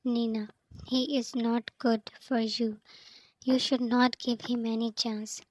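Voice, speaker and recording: A pushy, scheming young woman who steers her friend's choices, read out by a woman. The delivery stays slow and level, in a fairly high voice. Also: level tone, poor audio. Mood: insistent.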